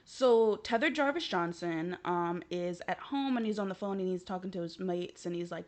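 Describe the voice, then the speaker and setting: A young woman from the United States talks casually about a show she loves, retelling scenes with lots of swearing and laughter. Her voice sits at an ordinary middle pitch, and her telling is lively and unscripted. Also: moderate pace, hardly any pauses. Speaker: show recapper. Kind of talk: casual chat.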